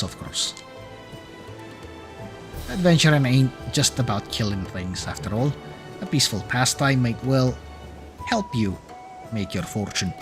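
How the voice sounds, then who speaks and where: A man's voice: mid-range voice, natural voice. Man doing a folksy old-salt traveler. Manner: folksy, drawling, gruff put-on accent. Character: chatty, worldly adult male sea traveler. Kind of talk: reading game dialogue aloud in character. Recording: game music clearly behind. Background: game music.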